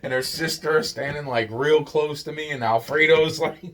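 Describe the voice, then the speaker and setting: A man's voice: fairly high pitch, fairly even intonation, moderate pace, a bit bright. A man telling a long personal story in a rambling, casual way, swearing often and restarting his sentences. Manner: profane, rambling, full of restarts and "it's like".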